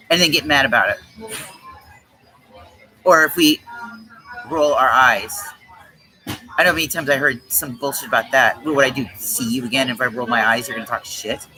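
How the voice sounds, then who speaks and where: A woman's voice: rumbling low, sharp tone, low-quality recording. A woman hosting a tarot livestream, ranting in a blunt, profane, scornful way. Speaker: tarot reader and livestream host. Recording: music playing behind.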